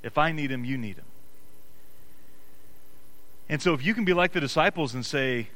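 Guy preaching a sermon, high bright voice, earnest, stumbles and restarts a lot. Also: normal speed, pauses often, rough recording. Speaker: pastor.

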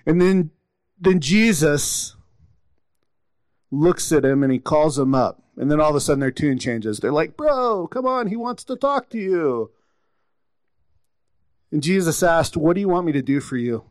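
Dry, close, higher-voiced man preaching. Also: normal speed, darkish tone, no room sound. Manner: storytelling, acts out the scripture quotes with rising intensity. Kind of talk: sermon.

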